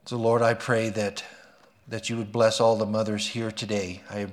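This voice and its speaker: A male pastor giving a Mother's Day sermon, telling stories with lively energy and praying earnestly. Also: on the low side, moderate pace. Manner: lively storytelling, earnest in prayer. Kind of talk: sermon with a read story and prayer.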